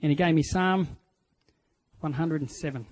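A man with an Australian accent sharing a candid personal testimony in a sermon, telling it in an earnest, halting way. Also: fairly high pitch, a little mellow, dry recording, rough recording.

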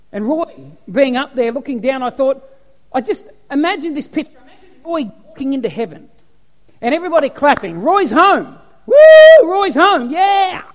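A man preaching a sermon as pastor, animated storytelling. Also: very high-pitched. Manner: animated storytelling, acts out cheering crowds. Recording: echoey hall with long reverb.

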